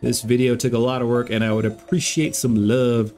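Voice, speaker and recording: A man's voice: medium pitch, flat delivery, fairly quick, darkish tone, soft background music. A man in an upbeat way explaining game builds to viewers, often calling them "guys". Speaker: gaming YouTuber.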